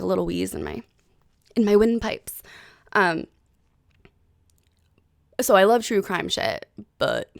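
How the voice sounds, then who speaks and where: A woman in her thirties talks casually on her podcast, getting heated and swearing freely as she tells a story. Her voice sits at an ordinary middle pitch. The sound is dry and close, with no room around it. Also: clean tone, no room sound. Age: 30s. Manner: animated, profane, heated storytelling. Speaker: podcast host. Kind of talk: casual chat.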